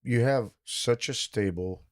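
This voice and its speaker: A man hosting a podcast, asking questions slowly and deliberately. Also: mid-range voice, no room sound, clean studio sound. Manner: slow, deliberate questioner with short backchannels. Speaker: podcast host, interviewer. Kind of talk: measured interview questions.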